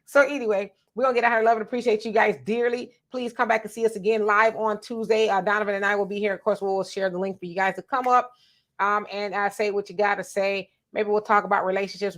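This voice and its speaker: A woman from Southern California co-hosting a live stream, chatting casually with viewers and telling animated stories. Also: mid-range voice, fast talker. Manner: animated, talks straight to viewers, tells stories. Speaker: co-host of a live stream show.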